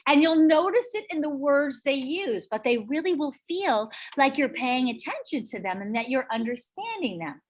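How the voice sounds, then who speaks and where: A middle-aged woman leading a real estate sales training, chatty and energetic, telling stories to the room. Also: sits high, normal speed, few pauses. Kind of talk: training workshop talk.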